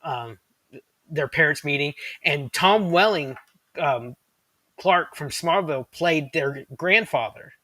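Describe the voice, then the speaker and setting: Male podcast host, bright forceful voice, dry close mic, rambly and excited. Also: a little high, slow, dry recording. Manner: rambling, enthusiastic, many fillers and restarts. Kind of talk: casual chat.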